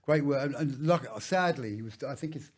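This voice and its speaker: A man's voice: medium pitch, fairly quick, a little mellow. A man in his fifties, an actor and director, telling anecdotes in a casual interview and swearing freely. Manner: swears freely, tells anecdotes with put-on voices. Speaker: actor and director, podcast guest.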